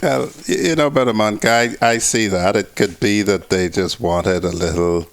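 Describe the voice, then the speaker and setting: A man, a talk show guest, speaking in a measured, lawyerly way. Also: on the low side, dry recording. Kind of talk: political talk show discussion.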